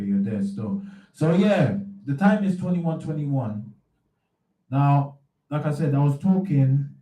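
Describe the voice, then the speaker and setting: A man talks loosely on his radio show, circling back on his words and dropping slang. His voice is very dark and mellow. He sits a little away from the mic in a roomy space. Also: mid-range voice, distant mic. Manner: rambling, slangy, repeats himself. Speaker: radio host. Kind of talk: casual radio talk.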